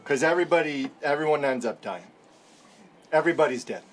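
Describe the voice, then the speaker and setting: High-voiced playful man player. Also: fairly quick, faint music behind. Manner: playful, goofy, laughing. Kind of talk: casual tabletop play. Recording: background noise.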